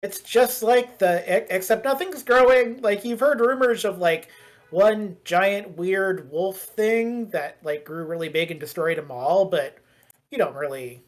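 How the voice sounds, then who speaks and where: A woman's voice: mid-range voice, unhurried. A woman narrating as game master of a tabletop role-playing game, chatty and meandering, with many fillers and restarts.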